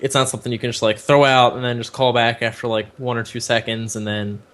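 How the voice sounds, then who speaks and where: A man co-hosting a casual gaming podcast, thinking aloud and pausing with fillers as he searches for names. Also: medium pitch, flat delivery, fairly bright tone. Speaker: podcast co-host.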